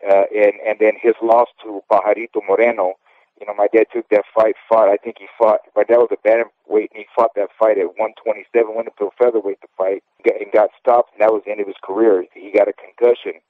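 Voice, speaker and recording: Over a thin, phone-like line with a dry, close sound, a man in his fifties rambles candidly through his memories. His voice sits at an ordinary middle pitch, and he keeps tagging his points with little check-ins to the listener. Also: level tone, fast, no echo. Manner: candid and rambling, often tags "okay?". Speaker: interview guest, former boxer. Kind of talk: casual phone interview.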